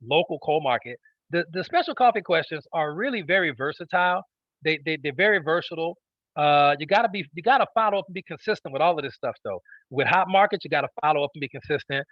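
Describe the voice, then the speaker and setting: A network marketing trainer runs a sales class, speaking emphatically, repeating key phrases and often checking in with "okay?". His voice is a little high, expressive and quick. The recording is muffled with no echo.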